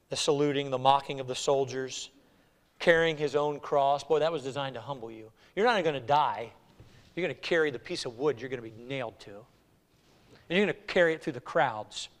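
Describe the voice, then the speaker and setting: A male pastor preaching a sermon, swinging between hushed lines and loud, dramatic ones. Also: medium pitch, long reverb tail. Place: church sanctuary.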